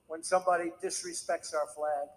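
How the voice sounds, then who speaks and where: Male politician, high voice, combative and dismissive with reporters. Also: little pitch movement, fairly quick, a little hiss or hum, poor audio. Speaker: president at a press conference. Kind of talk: speech and press conference remarks.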